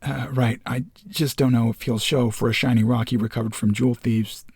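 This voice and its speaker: A man's voice: mid-range voice, steady tone, fairly quick, gravelly, darkish tone, husky, no echo, studio quality. A man voicing a modest young woman photographer in a screenplay reading, hesitant and deferential. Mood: timid.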